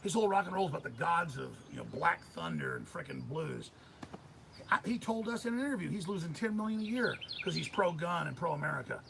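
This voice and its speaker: A middle-aged man hosting a live stream, ranting heatedly with a gravelly voice, swinging between shouting and muttering. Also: fairly high pitch, sing-song, a little fast, background noise. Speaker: host.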